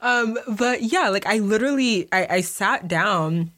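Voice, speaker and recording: A woman's voice: medium pitch, expressive, unhurried, fairly bright tone. Chatty woman hosting an unscripted podcast. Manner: rambling, goes off on tangents; chatty, slangy and informal. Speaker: podcast host. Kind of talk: casual unscripted solo podcast chat. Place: home basement.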